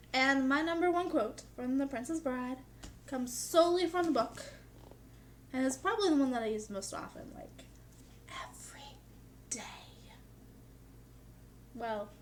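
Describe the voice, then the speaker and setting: A woman's voice: high voice, a little hiss or hum. A young woman vlogging in a casual, chatty way, with dry humor and lots of "like". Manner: chatty, peppered with "like". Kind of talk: casual chat to camera.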